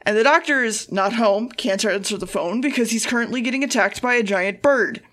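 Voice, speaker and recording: A woman's voice: a little high, fairly quick, a bit bright. A woman co-hosting a podcast, giving a casual, rambling and profane recap of an episode. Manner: profane and rambling, acting out quotes. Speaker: podcast co-host.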